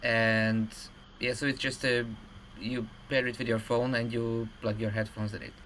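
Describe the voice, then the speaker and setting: A man's voice: medium pitch, flat delivery, moderate pace, fairly bright tone, a little hiss or hum, low-quality recording. A man co-hosting a casual livestream chat, explaining things at length with lots of fillers and restarts.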